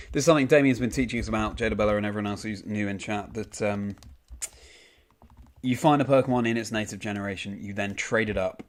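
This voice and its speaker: A young man streaming a game, casually reading out and answering chat messages with frequent ums. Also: on the low side. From United Kingdom.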